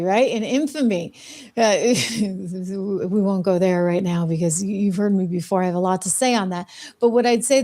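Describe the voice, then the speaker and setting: A woman's voice: mid-range voice, darkish tone. Middle-aged female news host, opinionated and conversational, full of fillers. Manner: chatty, opinionated, frequent fillers and restarts.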